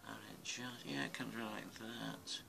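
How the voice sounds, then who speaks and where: A man's voice: on the low side, fairly even intonation, normal speed, creaky, pushed and bright, slight background noise, low-quality recording. A man giving a casual drawing tutorial, muttering and rambling to himself as he sketches. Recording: music playing underneath. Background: music.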